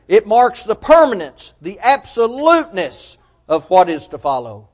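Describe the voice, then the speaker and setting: A man preaching a sermon, emphatic and measured, asking his listeners rhetorical questions. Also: high-pitched, sing-song.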